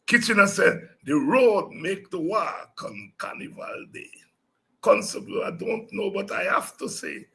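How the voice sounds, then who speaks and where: A man hosting a political talk show, telling animated stories and breaking into song. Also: sits high, vocal fry. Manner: animated storytelling, breaks into singing and shouting. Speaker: show host.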